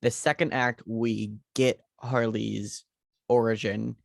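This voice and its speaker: A man co-hosting a podcast rambles through movie ideas in casual chat, leaning on fillers as he thinks. His voice has a gravelly fry, recorded dry and close. His pitch sits in an ordinary middle range. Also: flat delivery, slow, no echo. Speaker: podcast co-host.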